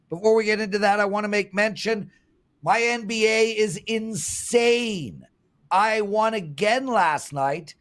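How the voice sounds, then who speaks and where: Fifties guy hosting a betting show, hard sell on his picks, voice sits a bit high. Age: 50s. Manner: salesy, pitching promos and boasting of wins. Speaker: host and sports handicapper.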